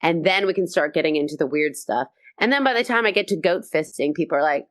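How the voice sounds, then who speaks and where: A Canadian woman comedian in a casual interview, telling stories with energy and quick restarts. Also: fairly low pitch, big pitch swings, a bit bright, no room sound, clean studio sound. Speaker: comedian guest.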